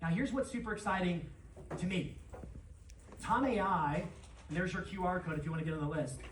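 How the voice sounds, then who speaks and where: An energetic conference presenter talks through a live seminar, turning to the crowd again and again. The voice comes from far off in a large, echoey room, with faint ambience underneath. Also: medium pitch, slight background noise. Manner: energetic, animated, quick to address the crowd. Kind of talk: live seminar talk with audience interaction.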